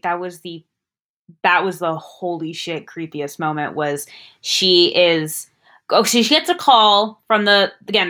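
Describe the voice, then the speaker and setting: Woman cohost gabbing about a movie, lowish voice, jumps way up when she acts stuff out. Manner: animated, jumps pitch when acting out scenes. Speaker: podcast co-host. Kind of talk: casual movie discussion.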